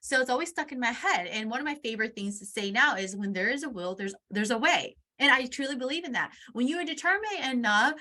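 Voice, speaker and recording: A woman's voice: on the high side, expressive, fast, few pauses, sharp tone. A young woman hosting a podcast, speaking candidly about her own life in a personal monologue, swearing casually and repeating words for emphasis. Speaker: podcast host.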